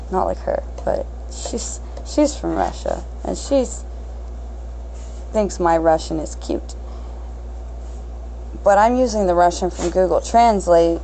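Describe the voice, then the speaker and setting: A woman's voice: lowish voice, creaky, dark tone, a little hiss or hum, rough recording. A woman in her thirties hosting an unscripted solo podcast, crass and blunt, swearing freely and mocking herself. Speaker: podcast host.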